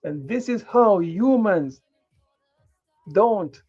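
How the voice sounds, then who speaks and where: This man's high, husky, slightly mellow voice is animated yet extremely slow. He gives a blunt, curse-laden livestream rant with a moralizing, preachy edge, heard through a dull lo-fi stream with faint music.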